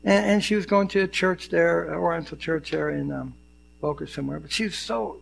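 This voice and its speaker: An older man preaches from the pulpit in a church, his voice pitched high with a rough, gravelly edge. He tells stories from his own life and acts out the people in them. The manner is animated and personal. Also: brisk, slight background noise. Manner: animated storyteller, acts out dialogue. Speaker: pastor. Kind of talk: sermon with personal storytelling.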